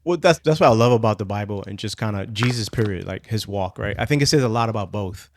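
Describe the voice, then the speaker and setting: A man's voice: on the low side, fast talker, a little hiss or hum. Easygoing man musing on a podcast. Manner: loose and conversational, many fillers like "like" and "you know what". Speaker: podcast co-host. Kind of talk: casual discussion of Bible stories.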